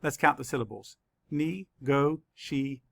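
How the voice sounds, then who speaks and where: Gravelly-voiced guy teaching spelling to kids, slow and careful, letter by letter, kinda higher voice. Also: lively intonation, fairly bright tone, dry recording. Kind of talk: spelling lesson for children.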